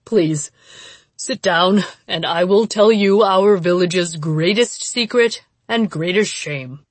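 A woman's voice: on the low side, slow pace, no echo. A woman voicing an older male village headman who pleads in a shaking, terrified voice. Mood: resigned.

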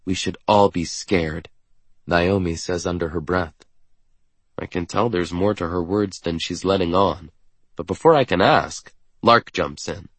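A man reading a first-person novel aloud with an even, measured delivery. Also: low-pitched, husky, no echo. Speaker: audiobook narrator.

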